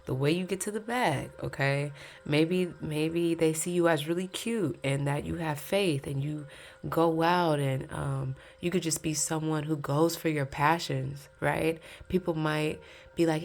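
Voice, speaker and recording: A woman's voice: sits low, a little slow, vocal fry. A woman giving a casual pick-a-card tarot reading, chatty and candid, talking straight to her viewers and laughing between points.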